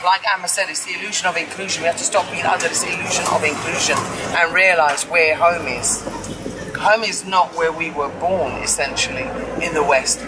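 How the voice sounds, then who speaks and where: A woman's voice: fairly low pitch, steady tone, fairly quick. A woman being interviewed outdoors, speaking emphatically and piling up repeated phrases. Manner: emphatic, repetitive lists. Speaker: interviewee, movement founder. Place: outdoors, urban street with traffic. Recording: outdoor street noise.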